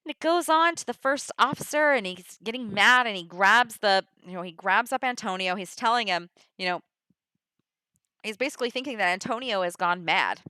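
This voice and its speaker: A woman walks through a play's plot in a loose, chatty way, leaning on "like" and "you know". Her voice is bright and forward, and the sound is dry and close. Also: fairly high pitch, fairly quick, clean tone, no room sound. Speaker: teacher summarizing a play. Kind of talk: casual retelling of a play with readings.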